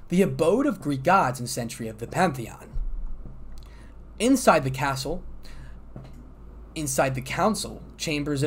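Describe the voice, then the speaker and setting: A man narrating fan fiction aloud in a plain reading voice with small stumbles. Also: medium pitch.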